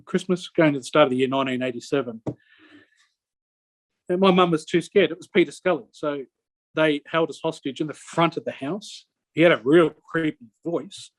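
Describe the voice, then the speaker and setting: A middle-aged man answers an interviewer and recounts his story in long rambling stretches, stalling and restarting mid-sentence. His voice sits a little high for a man. The sound is close and dry, with no room echo. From Australia. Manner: rambling, halting with many restarts. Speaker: interview guest. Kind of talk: conversational personal account.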